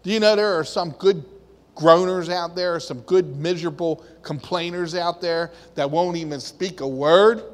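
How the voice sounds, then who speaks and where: A man's voice: fairly high pitch, moderate pace. A man preaching a sermon with passion, often putting questions to the congregation. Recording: long hall reverb.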